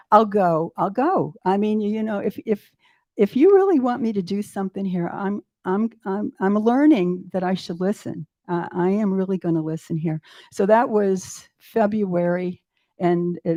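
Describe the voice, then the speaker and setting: A woman in her eighties, a guest in an interview, telling her story in a casual, animated way and acting out her own doubting thoughts with self-mocking humor. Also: mid-range voice, normal speed. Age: 80s. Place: retreat center in Mexico.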